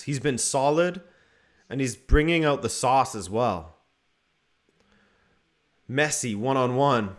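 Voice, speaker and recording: A man's voice: mid-range voice, slow, pauses often. Chatty man commentating a watchalong. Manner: chatty, joking, reads viewer comments. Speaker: watchalong host. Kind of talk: casual live match commentary.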